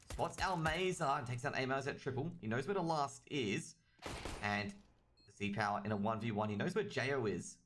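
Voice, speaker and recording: A man's voice: medium pitch, a bit bright, a little hiss or hum. A man with an Australian accent giving chatty, rambling solo commentary on a livestreamed match and talking straight to his chat. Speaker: esports caster.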